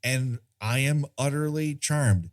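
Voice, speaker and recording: A man's voice: medium pitch, slow. A man co-hosting a podcast, chatting casually about a film, rambling and searching for words. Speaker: podcast co-host.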